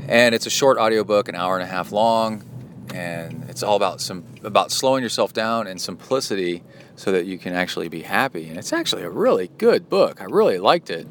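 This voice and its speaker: A man's voice: fairly low pitch, lively intonation, a little fast, fairly bright tone. A man from the US hosting a podcast, chatting casually and going off on tangents while he drives. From United States. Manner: rambling, tangent-prone, self-correcting. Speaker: podcast host. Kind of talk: casual solo podcast talk. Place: inside a moving car. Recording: car noise behind the voice. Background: road and car noise.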